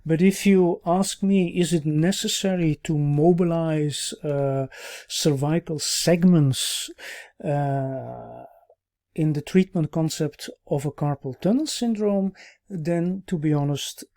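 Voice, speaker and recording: A man teaching a recorded clinical course, explaining at an even pace with many "uh" pauses and checking "yeah?" tags. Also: a little high. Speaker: orthopaedic medicine instructor.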